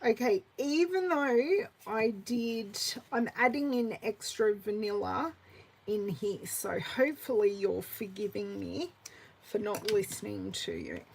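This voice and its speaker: This craft demonstrator, an Australian woman in her forties, talks her way through a live card-making session, replying to viewers by name and softly muttering as she works. She speaks slowly in a mid-range, sing-song voice that is creaky with a breathy edge, and the audio quality is poor.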